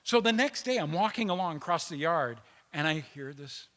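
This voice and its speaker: A man's voice: medium pitch, lively intonation, brisk, fairly bright tone. A man speaking at a peace conference, telling personal stories in a conversational way, with restarts and quoted dialogue. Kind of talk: personal storytelling speech. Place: conference hall. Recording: long reverb of a hall.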